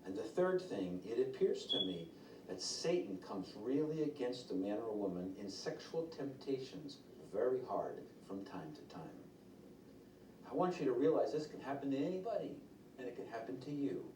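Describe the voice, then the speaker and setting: A man's voice: medium pitch, normal speed. Man preaching, tells stories and does voices, sounds far off in a big echoey room. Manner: storytelling, quotes others in lively changing voices. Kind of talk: sermon. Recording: roomy echo, from far off the mic, faint noise.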